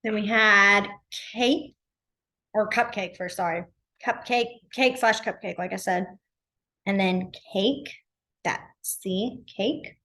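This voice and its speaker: Mid-range and sharp in tone, this young woman's voice moves at a slow pace as she teaches beginners sign language. The library-classroom lesson is chatty, with many fillers like "like" and "um."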